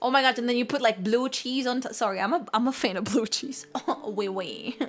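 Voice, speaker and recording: Young female streamer, bright high register, loose chatty delivery that laughs a lot, soft music underneath. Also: brisk. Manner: chatty, giggly, rambling with frequent laughs. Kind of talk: casual cooking stream chat.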